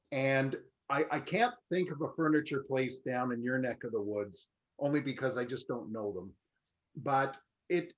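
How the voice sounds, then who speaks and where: A man's voice: medium pitch, muffled recording. A man co-hosting a casual panel chat, telling stories and mimicking salespeople. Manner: chatty, storytelling, mimics salespeople. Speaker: co-host.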